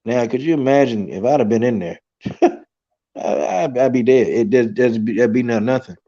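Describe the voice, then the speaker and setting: A man hosting a podcast, telling a story in a loose, animated way and filling it with "you know" and "man". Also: medium pitch, normal speed, dull audio. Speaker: podcast host. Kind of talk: casual storytelling chat.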